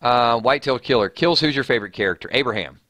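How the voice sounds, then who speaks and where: A man's voice: mid-range voice, lively intonation, quick pace, sharp tone, no room sound, clean studio sound. A man hosting a live stream, chatting casually and reading viewer comments aloud with frequent restarts.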